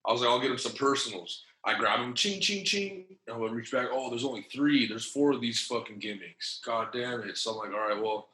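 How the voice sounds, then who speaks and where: Animated profane man telling stories. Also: mid-range voice, fairly quick, hardly any pauses, echoey room, rough recording. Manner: animated, profane, slangy storytelling with acted-out quotes. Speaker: podcast guest. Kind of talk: casual storytelling.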